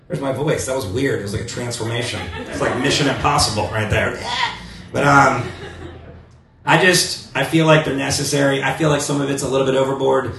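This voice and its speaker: A male stand-up comedian with a crude, self-mocking manner and a voice going hoarse, swearing often on a club stage. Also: mid-range voice, steady tone, a little fast, a bit bright, echoey room, far from the mic. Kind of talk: stand-up set.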